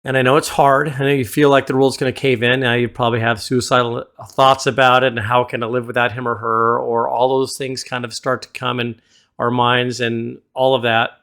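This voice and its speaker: A man hosting a music reaction video, gently advising the viewer like a mentor into a desktop studio mic. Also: mid-range voice, flat delivery, fairly quick, clean tone. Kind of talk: casual reaction commentary. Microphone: desktop USB studio microphone.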